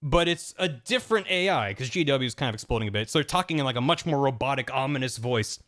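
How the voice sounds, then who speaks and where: A man's voice: medium pitch, quick pace. A man streaming, casually recapping a story in a rambling, jokey way with many restarts and laughs. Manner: animated storytelling.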